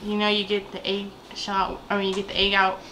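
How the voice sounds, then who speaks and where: A woman's voice: mid-range voice, completely flat delivery, a little fast, heavy background noise. A woman chatting casually in a home kitchen, giving cooking tips to a friend. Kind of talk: casual chat while cooking.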